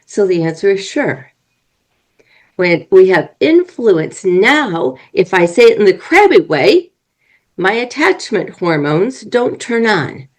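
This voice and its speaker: A woman's voice: medium pitch, poor audio. A woman speaking as a guest on an interview podcast, explaining in an earnest way and working through examples. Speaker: marriage and family coach.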